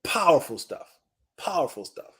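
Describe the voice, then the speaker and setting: A man who is addressed as coach tells a story in a live group discussion. His voice sits somewhat high and swings up and down a lot as he builds the story. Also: very animated, moderate pace, fairly bright tone.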